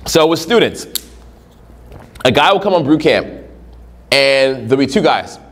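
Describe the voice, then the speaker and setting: This man speaks at a measured pace in a mid-range voice. As a dating coach, he gives a casual, profane monologue, staying animated and performing small scenes in assorted voices.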